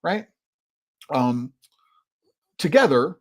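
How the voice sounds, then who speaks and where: With a fairly high, very animated voice and drawn-out words, a man runs a solo podcast. He muses aloud in casual, rambling commentary, exasperated and heavy on fillers.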